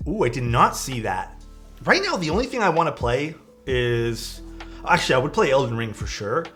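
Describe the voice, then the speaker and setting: A young man talking casually on a live stream at an everyday middle pitch. He tells stories in a relaxed, loose way, drops a lot of "dude" and "man", and swears freely. Faint music plays behind him. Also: normal speed. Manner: laid-back storytelling, swears often, says "dude" and "man". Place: home streaming setup.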